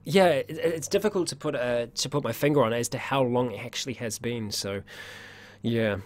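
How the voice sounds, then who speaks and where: A man of ordinary pitch hosts a relaxed livestream chat and answers viewers one after another. He sounds upbeat and talkative, laughs easily and trips over his words now and then. His voice sounds a little worn. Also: normal speed, dry recording. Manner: chatty and upbeat, laughs often, stumbles and restarts. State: voice getting worn. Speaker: livestream host.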